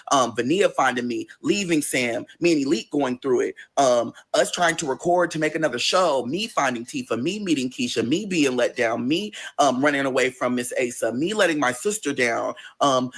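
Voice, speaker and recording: A young man telling a personal story in an emotional, profane, animated way. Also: medium pitch, slightly rough. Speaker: storytime vlogger.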